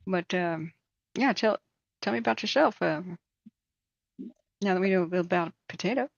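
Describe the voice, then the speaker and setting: A woman's voice: lowish voice, moderate pace, vocal fry, no echo, muffled recording. A woman hosting a live stream, chatting casually and telling rambling anecdotes with plenty of fillers. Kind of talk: casual chat and storytelling.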